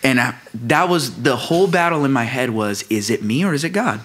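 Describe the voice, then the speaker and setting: Animated man in casual talk. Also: mid-range voice, fairly quick, breathy edge. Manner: animated, laughs often, acts out his own thoughts. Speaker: worship pastor. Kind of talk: casual podcast chat.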